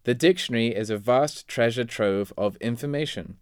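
A man reading vocabulary words and example sentences in a measured, deliberate way. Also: medium pitch, darkish tone, clear, resonant tone, no echo, clean studio sound. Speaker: vocabulary reader.

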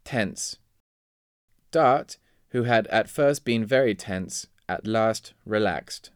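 A man reading vocabulary words and example sentences in a measured, deliberate way. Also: lowish voice, smooth, no room sound, clean studio sound. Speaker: vocabulary reader.

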